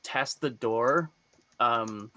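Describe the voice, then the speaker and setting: A man playing a tabletop game, laid-back and often trailing into a low mutter. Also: extremely slow, bright, forceful tone. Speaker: player.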